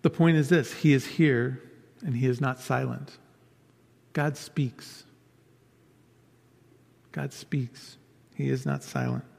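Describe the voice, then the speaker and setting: A man's voice: a little high, vocal fry. A man preaching a sermon in an earnest way, repeating key phrases for emphasis. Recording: long hall reverb.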